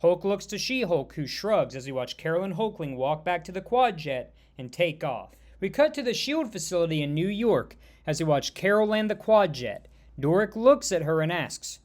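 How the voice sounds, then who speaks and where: A man narrating a fan-made superhero story in a steady, scripted storytelling manner. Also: sits high, normal speed.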